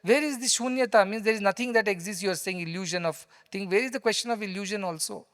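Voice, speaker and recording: Man, Indian English accent, spiritual teacher, high voice, conversational and emphatic, long hall reverb. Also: quick pace, a bit bright. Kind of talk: spiritual discourse with storytelling.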